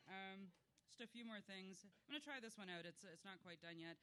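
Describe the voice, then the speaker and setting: A man's voice: high-pitched, fairly quick, pushed and bright, a little hiss or hum. A man reading his poems live, wry and loose, chatting between pieces. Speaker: poet.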